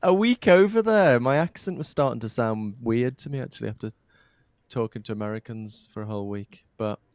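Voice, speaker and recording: A British man with a smooth, resonant voice, chatting casually and poking fun at himself. The recording is close and dry. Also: mid-range voice, animated, fairly quick, darkish tone, dry recording. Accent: British English. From England. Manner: self-deprecating, joking. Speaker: guest philosopher. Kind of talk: casual chat.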